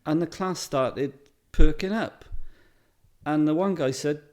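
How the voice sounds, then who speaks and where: A man's voice: a little high, moderate pace. A middle-aged Welsh man, interviewed, telling casual stories and acting out the people he quotes. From Wales. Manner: lively anecdotes, mimics others in quotes. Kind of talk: casual storytelling.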